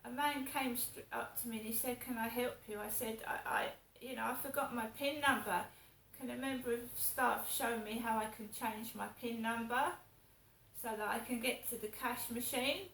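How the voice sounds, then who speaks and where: A woman's voice: a little high, steady tone, normal speed, vocal fry, a bit bright. Indignant woman ranting. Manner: indignant, repetitive complaining, swears. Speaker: vlogger. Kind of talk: casual ranting monologue. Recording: echoey room with faint ambient noise.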